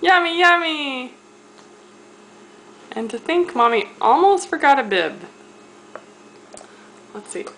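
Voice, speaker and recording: A young mother talks to her baby in a high, lilting sing-song full of coos. She speaks slowly, her pitch leaping all over. It was recorded on a handheld home camera, with a faint hiss behind her. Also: very animated. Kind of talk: home video, baby talk. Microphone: handheld camera mic.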